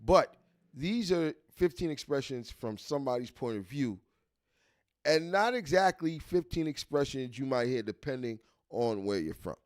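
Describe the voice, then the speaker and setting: A man's voice: medium pitch, lively intonation, normal speed. A man from New York with a New York accent, hosting a live stream and chatting casually, repeating himself and restarting his sentences. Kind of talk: casual commentary reading a list.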